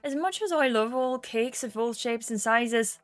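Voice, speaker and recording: A woman's voice: on the high side, a little slow, soft background music, close to an everyday voice. A woman voicing a chatty young Irish woman from Cork, a cake artist, in a Cork accent, raising her voice above her own for the role. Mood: fond.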